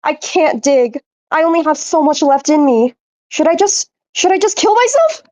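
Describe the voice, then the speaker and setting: A woman's voice: high voice, sing-song, moderate pace, a little mellow, dry recording. A woman playing a downtrodden young servant who talks in a mournful, sighing way. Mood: despairing.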